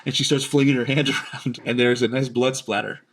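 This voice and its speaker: A man's voice: mid-range voice, steady tone, fairly quick, slight background noise. A man hosting a commentary, explaining his analysis of recorded statements in an emphatic, explanatory way.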